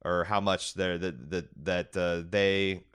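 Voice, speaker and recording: Deep-voiced man recapping a TV show. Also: fairly even intonation, takes it slowly, fairly bright tone, smooth. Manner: rambling, paraphrases characters with many fillers. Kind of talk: casual TV recap discussion.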